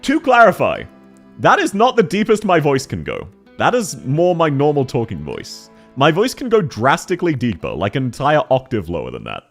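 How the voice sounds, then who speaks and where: A man streaming casually and reviewing viewers' game accounts, talking quickly and excitedly as he reacts to chat. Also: on the high side, faint music behind.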